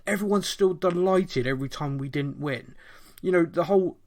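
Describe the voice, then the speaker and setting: A middle-aged man from Bristol with a mild Bristolian accent, co-hosting a podcast in a rambling, animated casual chat. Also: high voice, moderate pace, a crowd in the background. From Bristol, England. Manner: animated, rambling, thinks aloud. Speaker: podcast co-host.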